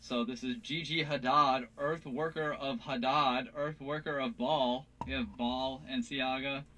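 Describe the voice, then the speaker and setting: A man in a played clip, delivering a quick, earnest monologue full of wordplay. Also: medium pitch, steady tone, sharp tone, slight background noise. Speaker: conspiracy commentator in a clip. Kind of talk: rapid monologue.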